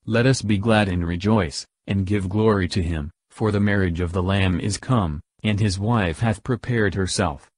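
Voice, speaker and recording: Low-voiced man reading scripture slowly. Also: no room sound, studio quality. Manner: slow, measured recitation. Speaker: scripture reader.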